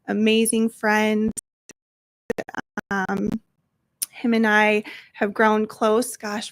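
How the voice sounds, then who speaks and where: Woman guest, Valley-girl sound, slightly high voice, open and emotional, dry close mic. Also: creaky, dry recording. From Colorado, USA. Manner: open and emotional, quick to tear up. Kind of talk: sharing a personal recovery story. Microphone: close studio microphone.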